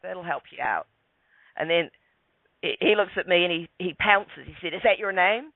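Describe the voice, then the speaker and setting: A man with a slightly high, gravelly voice tells a story casually and calmly, stumbling over his words and restarting often. He is calling in as a guest on a radio show. The sound is thin and tinny, like a dry phone line with no room sound. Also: normal speed, no echo. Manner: calm, relaxed, stammering restarts.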